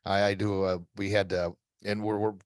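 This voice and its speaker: Middle-aged man, guest expert, emphatic coaching talk, lowish voice, dry close sound. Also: little pitch movement, moderate pace, smooth, dry recording. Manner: emphatic, repeats key phrases, frequent restarts. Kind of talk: interview, motivational coaching.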